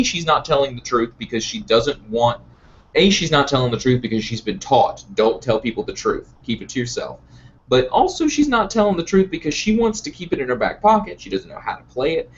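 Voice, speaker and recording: A man's voice: mid-range voice, muffled recording, a little hiss or hum. A man hosting a casual discussion, laying out his points earnestly, one by one. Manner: earnest, measured, explaining point by point. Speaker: show host.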